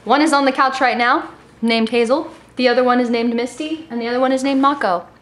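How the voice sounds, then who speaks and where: Speaking briskly in a high, steady, slightly bright voice, a young woman in her early twenties jokes casually and sassily to her camera. She's a vlogger from Miami with a faint Miami accent, filming at home in California with the camera's mic.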